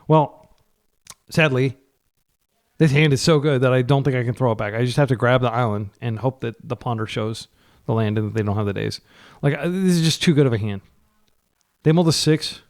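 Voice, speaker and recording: A man giving casual, running commentary while playing an online card game. He gets excitable, pleads with his deck, and his voice jumps up when he is frustrated. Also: mid-range voice, fairly quick, long pauses. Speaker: card game player and channel host.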